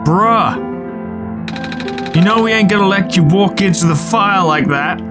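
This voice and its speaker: A man's voice: high-pitched, unhurried, over music, pitched above the performer's own voice. A man doing a drawling laid-back surfer dude. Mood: easygoing. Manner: drawling slang with 'bruh' and 'dude'.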